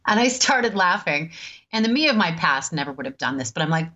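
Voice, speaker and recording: A woman in her fifties telling a personal story in a relaxed, chatty way, laughing often and pausing with many ums. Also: lowish voice, lo-fi sound. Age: 50s. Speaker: host. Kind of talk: storytelling talk.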